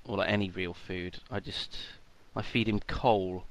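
A young man co-hosting a podcast, telling absurd jokes in a deadpan way during casual chat. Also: low-pitched, unhurried. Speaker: podcast co-host.

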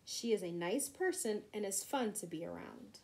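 A woman reading a children's storybook aloud in a gentle, expressive way. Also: mid-range voice, normal speed, rough recording. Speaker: reader.

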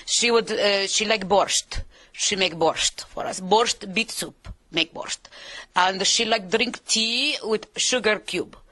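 Give me an old grandmother with a Russian accent and halting broken English, put on by a woman. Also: mid-range voice, sharp tone. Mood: fond. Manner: choppy broken English, dropped articles.

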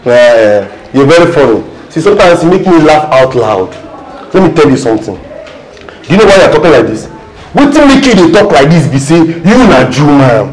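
A man's voice: on the high side, sing-song, normal speed, reverberant, low-quality recording. A man playing a cocky Nigerian student. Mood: mocking. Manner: mocking, pidgin banter. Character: cocky student who wants to graduate. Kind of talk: Nollywood film acting.

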